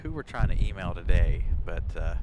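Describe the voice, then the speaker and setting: Filming on his phone outside an airport on a windy day, a man livestreams casually, laughing and talking with his viewers. He has a low, animated voice and speaks a little fast, with loud wind and traffic sounds in the background.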